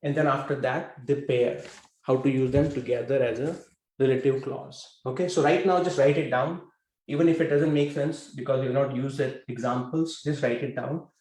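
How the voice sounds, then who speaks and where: A man's voice: medium pitch, steady tone, moderate pace, a little mellow, roomy sound, low-quality recording. A man teaching a language class over a video call, talking with many fillers and putting questions to his students. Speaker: Hindi teacher.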